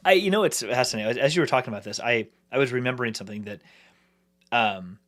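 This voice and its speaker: A man co-hosting a podcast, talking in a casual, animated way, thinking aloud with many restarts. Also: medium pitch, quick pace. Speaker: podcast co-host. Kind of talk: casual discussion.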